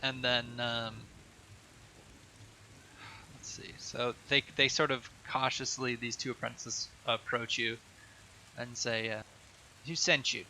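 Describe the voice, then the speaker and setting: A man narrating as game master of a tabletop game, halting and full of fillers. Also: mid-range voice, flat delivery, sharp tone, a little hiss or hum, rough recording.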